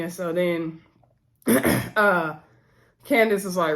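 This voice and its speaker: A woman's voice: medium pitch, moderate pace. A woman reviewing a TV episode in a casual chat, calling her viewers y'all and acting out the characters' lines as she retells them, with a bit of a runny nose. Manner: chatty, addresses viewers as y'all. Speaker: TV show reviewer.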